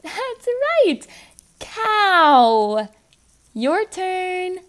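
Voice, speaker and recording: Woman, young adult, story time leader, sing-song, bouncy lively pitch, high voice. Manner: sing-song, coaxing, sounds words out slowly. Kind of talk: teaching toddlers words.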